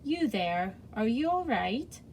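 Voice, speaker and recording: A woman reading the lines of a startled British explorer in a children's storybook, a little higher than her narrating voice. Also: sing-song, slow pace, a little mellow, a little hiss or hum, full character voice. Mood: surprised.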